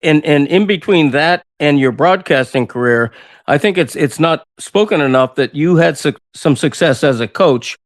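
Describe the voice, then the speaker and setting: A man's voice: a little high, lively intonation, normal speed, no room sound, clean studio sound. A man hosting a radio talk show, interviewing a guest in an earnest, complimentary way. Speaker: host.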